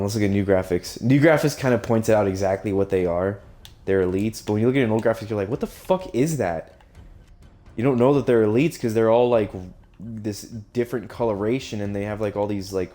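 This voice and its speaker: A young gaming streamer with a mellow, lowish voice gushes and swears through casual let's-play commentary, laughing often as he plays.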